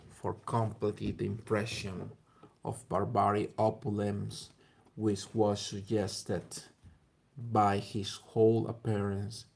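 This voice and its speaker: A man reads a classic story aloud in a low, very gravelly, husky voice. His delivery is flat and slow, halting and stumbling now and then. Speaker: reader.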